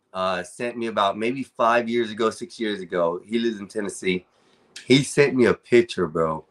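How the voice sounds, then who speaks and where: A man's voice: medium pitch, a bit bright. A man hosting a casual panel chat, rambling and joking in a loose way.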